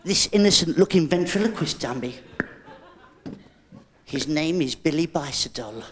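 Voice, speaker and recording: Squeaky, animated cheeky male comedian. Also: normal speed. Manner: cheeky, teasing banter full of innuendo, squeaky shrieking rises. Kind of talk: live stand-up with an audience volunteer. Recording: loud hiss on an old VHS tape recording.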